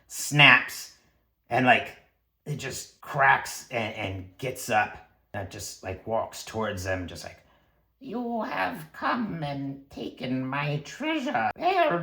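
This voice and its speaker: A man narrating his own solo tabletop role-playing game as game master, in a rambling, chatty way, excitable at dice rolls. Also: medium pitch. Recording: echoey room.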